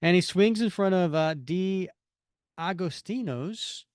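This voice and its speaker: A man's voice: high voice, takes it slowly, clear, resonant tone, no room sound, clean studio sound. A man co-hosting a podcast who reads a comic aloud and acts out the dialogue with energy. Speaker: podcast co-host. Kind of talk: casual chat and reading aloud.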